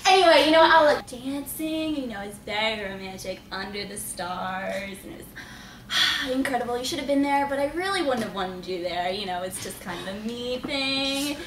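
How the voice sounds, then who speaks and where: A woman with a high voice rambles loudly and self-absorbedly, packed with fillers. She sits away from the mic in an echoey, noisy classroom. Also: expressive, normal speed, recorded from a distance. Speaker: rude audience member. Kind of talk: acted rambling classroom question.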